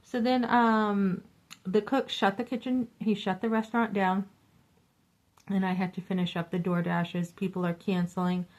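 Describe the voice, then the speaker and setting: A middle-aged woman vents in a casual storytime vlog and acts out every exchange. Her voice sits at a middle pitch, and her telling is animated and exasperated. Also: moderate pace, rough recording. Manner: animated, acts out quoted dialogue; exasperated, venting. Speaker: vlogger.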